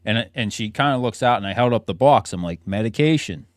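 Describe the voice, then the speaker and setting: A man co-hosting a podcast, telling animated anecdotes in casual chat and swearing casually. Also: medium pitch, fairly quick, no echo, clean studio sound. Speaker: podcast co-host.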